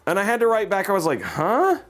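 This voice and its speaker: Guy hosting a live stream, kinda high voice, rambles and jokes, faint music behind. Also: racing. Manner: rambling, joking, laughs often. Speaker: livestream host. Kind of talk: casual livestream chat.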